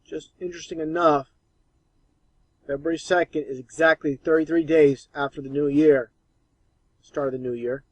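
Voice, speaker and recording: A man's voice: a little high, steady tone, moderate pace, long pauses, dry recording, poor audio. A man giving scornful, emphatic commentary over archive clips.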